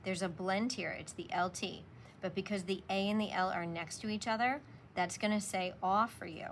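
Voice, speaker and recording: A woman teacher giving a slow, patient spelling lesson, sounding out words for young students. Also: medium pitch, steady tone, slight background noise.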